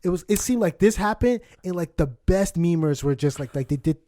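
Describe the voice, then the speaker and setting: A man's voice: sits high, lively intonation, a little fast, dark tone, dry recording. A man in his twenties co-hosting a casual podcast chat, laughing often and rambling through many restarts and fillers. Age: 20s. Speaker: podcast co-host.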